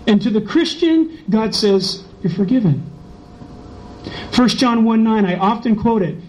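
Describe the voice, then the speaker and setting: A man's voice: high-pitched, moderate pace. A middle-aged man, preaching a sermon full of personal stories, acting out voices as he goes. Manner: animated storyteller, acts out voices and laughs. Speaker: pastor. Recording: slightly dull, faint background noise.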